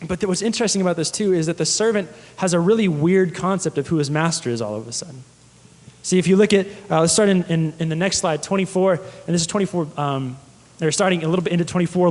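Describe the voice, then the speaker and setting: Speaking quickly in a large hall, a pastor with a high-pitched, somewhat dark voice gives a sermon. He relies on storytelling and questions directed at the congregation.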